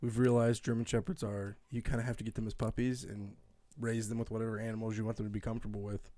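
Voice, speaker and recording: A man co-hosting a casual podcast tells a story with lots of energy, acting out what people said. His voice sits slightly low. The mic is close and the sound is dry. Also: quick pace, no echo. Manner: animated storyteller, acts out quotes, laughs often. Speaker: podcast co-host. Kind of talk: casual chat.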